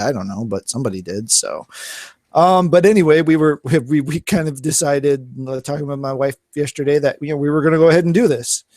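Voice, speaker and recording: On a gaming podcast, a male co-host chats casually and rambles, full of fillers and restarts. His mid-range voice is slightly mellow and dry, with no room sound.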